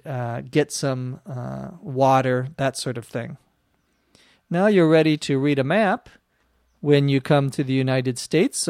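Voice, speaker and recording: A man teaching English, answering listener questions slowly and carefully, with frequent pauses and spelling out words. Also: medium pitch, a little mellow, clear, resonant tone, dry recording, clean studio sound. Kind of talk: slow explanatory podcast lesson.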